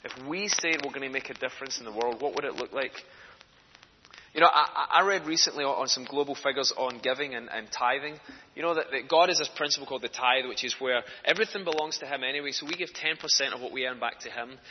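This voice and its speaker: Preaching in church on behalf of a children's charity, a man with a mid-range voice and quick pace tells earnest stories that rise toward passionate emphasis. The sound is dull and lo-fi, captured in an echoey hall with faint noise.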